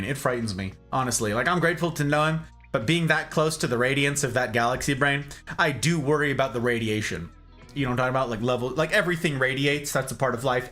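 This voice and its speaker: A man chatting with his stream audience in a playful, jokey way. His bright voice swings widely in pitch. Soft music plays faintly behind him. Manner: playful, animated, jokey banter with chat. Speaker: game streamer reading chat. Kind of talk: casual live-stream chat.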